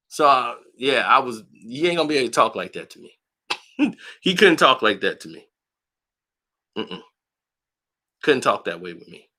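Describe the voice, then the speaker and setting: A man hosting a boxing channel tells a story in a blunt, slangy, combative way, his medium-pitched voice at normal speed with long pauses. In this casual monologue he's animated, acting out other people's lines in a raised voice.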